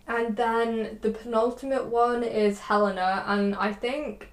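A woman's voice: on the high side, little pitch movement, a little slow, few pauses. A young adult woman hosting a podcast, chatting casually with lots of "like" and reading out quotes now and then. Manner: chatty, loose with many likes, reciting quotes in between. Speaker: podcast host.

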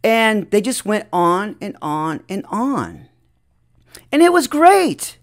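A man's voice: high-pitched, very animated, slow. A man telling a personal story in a reflective way, often chuckling between sentences.

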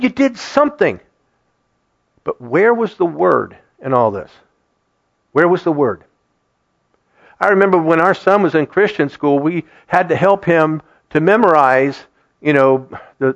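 Brief: middle-aged male pastor preaching, high and lively voice, dull lo-fi recording. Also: normal speed. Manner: animated, conversational preaching to a congregation. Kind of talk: sermon. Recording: dull lo-fi sound.

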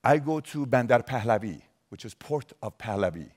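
Energetic man in his forties addressing a crowd. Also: medium pitch, normal speed. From Iran. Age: 40s. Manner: energetic, emphatic, questions the audience directly. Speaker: motivational speaker. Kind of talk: motivational talk to a live audience.

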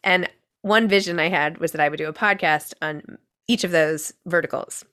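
A woman's voice: deep voice, normal speed, a bit bright. A middle-aged woman guest on a podcast, telling a story in a chatty, self-deprecating way and giggling often. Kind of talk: casual interview chat.

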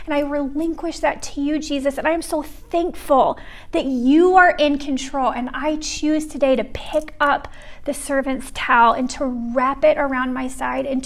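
A young woman giving a casual, earnest sermon as a ministry speaker. She talks in a chatty way with many fillers and drops to a hushed voice for quoted words. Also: high-pitched. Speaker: pregnancy center ministry speaker.

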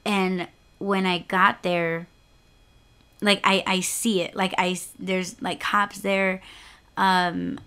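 A woman's voice: fairly low pitch, flat delivery, slow pace, sharp tone, clean tone. A young woman hosting her own podcast, telling a personal story in a casual, chatty way, swearing freely and leaning hard on "like" and "you know". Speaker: podcast host.

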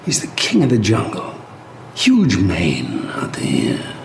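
A man giving documentary-style narration, slow, hushed and drawn-out. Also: low-pitched, wildly swooping pitch, creaky. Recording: echoey room with faint noise.

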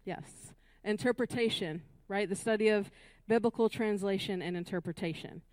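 A woman's voice: mid-range voice, moderate pace, a little mellow, no echo. A woman leading a Bible study class, recapping earlier weeks and asking the group questions, often checking in with "right?" and "Amen?".

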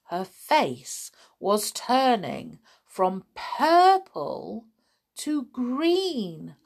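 A woman reading a children's story aloud with expressive, dramatic delivery. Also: sits high, extremely slow.

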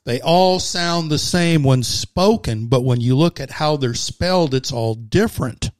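A man's voice: a little high, expressive, a little slow, no room sound, studio quality. A man talking as a podcast guest, laying out his views in a confident, lecturing way in casual political chat.

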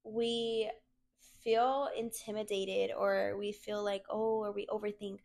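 A woman's voice: medium pitch, little pitch movement, slow pace, creaky, a little mellow. A young woman giving a casual, earnest faith talk to her viewers, chatty and leaning on the word "literally". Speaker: Christian content creator.

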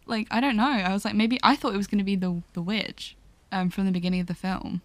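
A woman's voice: mid-range voice, brisk, dry recording. A woman co-hosting a podcast, chatting casually about a film and laughing often as she talks. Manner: giggly, laughs often while talking.

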